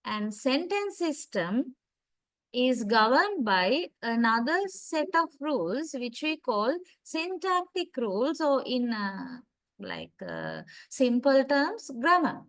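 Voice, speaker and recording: Woman lecturer, measured slow delivery, higher voice, frequent "right?" check-ins, video call. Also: big pitch swings, a bit bright, poor audio. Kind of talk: online university lecture.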